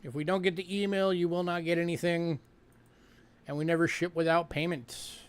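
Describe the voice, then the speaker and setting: Chatty coin-sale host man, smooth voice. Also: on the high side, little pitch movement, moderate pace. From New York. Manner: chatty, fillers, repeats himself. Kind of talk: casual livestream sales talk.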